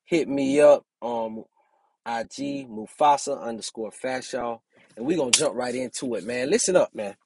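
A man's voice: mid-range voice, normal speed, dark tone, husky, no room sound. A brash young man hosting his own podcast, talking casually and preaching with plenty of profanity. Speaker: podcast host and relationship coach.

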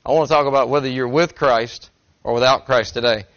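A man's voice: medium pitch, fairly even intonation, fairly quick, a bit bright. Folksy joking man preaching a sermon. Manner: folksy, self-deprecating, joking. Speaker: pastor. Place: church sanctuary. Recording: dry, slightly dull recording.

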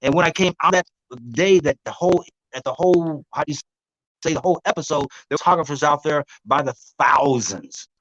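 A man with a notably high voice tells stories with lively energy. He laughs often and acts out the voices of other people. He swings between loud bursts and low, quiet asides. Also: fairly quick, dry recording, lo-fi sound. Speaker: guest herbalist. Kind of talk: animated storytelling interview.

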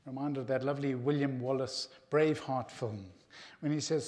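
A man's voice: mid-range voice, steady tone, moderate pace, a little mellow. A middle-aged man preaching a sermon as pastor, earnest and direct, calling his congregation "folk". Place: church hall. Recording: long hall reverb.

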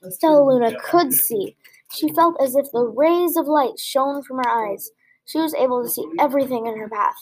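A woman reading a children's story aloud in a clear, gentle way. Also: high-pitched, normal speed, rough recording.

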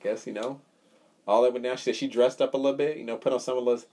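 A man's voice: mid-range voice, steady tone, fast talker, warm tone. A man co-hosting a casual podcast chat, telling a story with swearing and acting out the quotes. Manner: storytelling, profane, acts out quotes. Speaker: podcast co-host.

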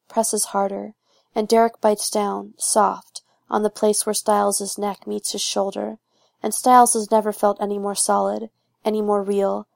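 Gravelly woman reading a fan audiobook. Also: mid-range voice, a little mellow, no echo, clean studio sound. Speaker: audiobook narrator.

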